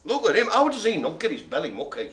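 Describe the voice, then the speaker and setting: A man's voice: sits high, wildly swooping pitch, fast, a bit bright. A man hosting a live online bingo game, calling dog breeds in a playful, teasing way with theatrical asides. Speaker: bingo caller host.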